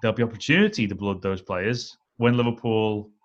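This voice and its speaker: A man co-hosting a casual football chat, weighing his points in a steady, analytical way with frequent "I think" and "um". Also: on the low side, highs cut off. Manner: measured, analytical, leans on "I think" and "um". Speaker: podcast co-host.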